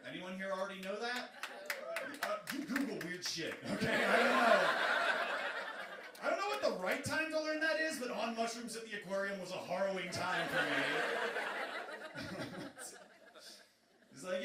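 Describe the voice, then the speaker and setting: A male stand-up comedian telling stories on stage, shifting from a dry deadpan to loud bursts of laughter. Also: high-pitched, moderate pace, far from the mic, a loud crowd. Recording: echoey club room with loud audience noise.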